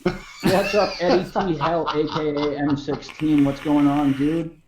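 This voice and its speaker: A man's voice: fairly high pitch, level tone, unhurried. An American man chatting casually on a livestream, laid-back and slangy. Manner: laid-back, slangy, says dude and bro. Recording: echoey room, faint noise.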